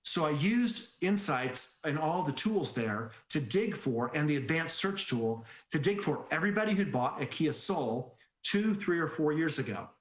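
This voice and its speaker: A man giving an energetic sales-training presentation, telling stories and asking rhetorical questions. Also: on the high side, moderate pace, few pauses. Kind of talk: conference presentation. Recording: echoey room.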